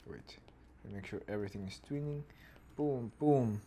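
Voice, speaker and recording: A man's voice: on the low side, quick pace, mellow, slight background noise. A man, thinking aloud as he animates and mimicking a dog's barks. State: hoarse throat. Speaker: animator streaming his work. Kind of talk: casual narrated work session.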